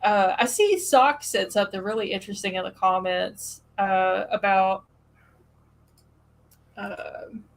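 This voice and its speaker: A woman hosting a casual chat, telling animated stories with plenty of fillers and laughs. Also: mid-range voice, takes it slowly, low-quality recording. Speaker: podcast host.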